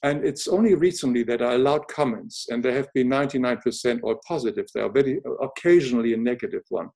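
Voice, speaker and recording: An older man with a German accent, speaking as an interview guest, gentle and earnest, pausing and restarting often on a video call. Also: mid-range voice, gravelly. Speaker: guest, author and illustrator. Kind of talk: reflective interview conversation.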